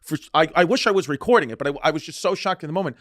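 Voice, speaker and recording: A man with a slightly high, lively voice tells a rambling story on a podcast, swearing freely and breaking into laughs as he goes. The sound is dry and close, recorded on a studio mic. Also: very fast, no room sound. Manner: animated storyteller, swears, laughs while telling. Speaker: podcast host. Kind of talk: casual chat, storytelling.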